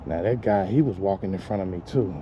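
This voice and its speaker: A man's voice: low voice, brisk, warm tone, a little hiss or hum. Loose, rambling man on a park walk. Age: adult with kids. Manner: loose, rambling, profane, laughs at his own jokes. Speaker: vlogger. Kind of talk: casual walking vlog. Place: outdoors walking a lakeside park trail. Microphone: handheld phone camera.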